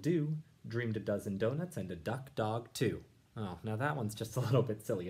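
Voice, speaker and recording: A man teaching young listeners, reading a rhyming picture book aloud and explaining it in a gentle, encouraging way. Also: lowish voice. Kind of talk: read-aloud lesson.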